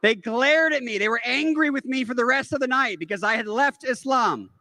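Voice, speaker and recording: A man's voice: extremely high pitch, brisk, pushed and bright, no room sound, low-quality recording. A man performing a stand-up comedy set with a self-deprecating, conversational delivery.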